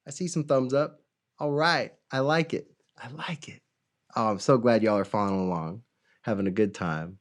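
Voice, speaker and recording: A man's voice: medium pitch, moderate pace, pauses often. A man leading a kids' music lesson, singing, clapping and talking to the children in a playful way. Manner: animated, playful, sings and claps along. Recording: loud music behind.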